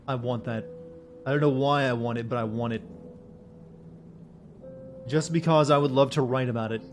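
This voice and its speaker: Deadpan man streaming a game. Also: mid-range voice, moderate pace, soft background music. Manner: flat deadpan voice. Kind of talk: casual livestream chat.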